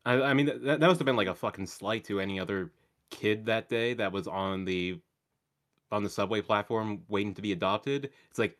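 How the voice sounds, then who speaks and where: Sardonic low-voiced male podcaster. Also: a bit bright. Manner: sardonic, swears casually, halting restarts. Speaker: podcast co-host. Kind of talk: casual chat.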